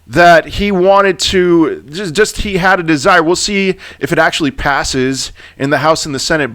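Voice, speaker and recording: A man giving crypto market commentary in a vlog, ranting in an animated, exasperated way and often repeating words. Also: fairly high pitch. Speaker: crypto YouTuber.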